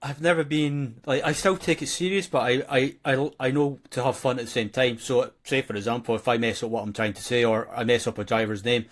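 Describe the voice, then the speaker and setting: Man, thick accent, podcast host, halting, hesitant, casual chat, mid pitch. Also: fairly even intonation. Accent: thick regional accent. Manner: halting, hesitant, many restarts.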